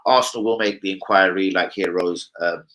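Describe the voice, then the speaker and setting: A young man hosting a casual live football chat, brash and jokey, swearing a lot and swinging between loud outbursts and low muttering. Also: fairly even intonation, fairly quick, rough recording. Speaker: livestream host.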